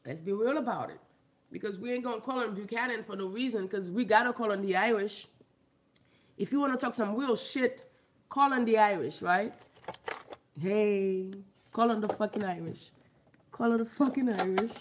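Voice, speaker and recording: A woman from Haiti, ranting bluntly and profanely into her phone, swinging between loud outbursts and muttering. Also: mid-range voice, normal speed, noisy background. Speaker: vlogger. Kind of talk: profane comedic rant.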